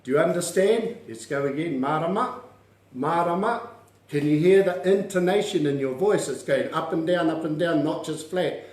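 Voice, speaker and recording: A man's voice: on the high side, moderate pace, darkish tone. A man teaching an online language class, upbeat and coaxing, drilling words aloud and laughing often. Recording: echoey room.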